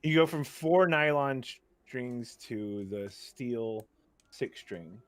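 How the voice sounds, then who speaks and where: A man's voice: medium pitch, animated, slow, no echo. Chill young guy chatting on a podcast, swears here and there. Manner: laid-back, loose, swears casually. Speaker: podcast guest. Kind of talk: casual chat.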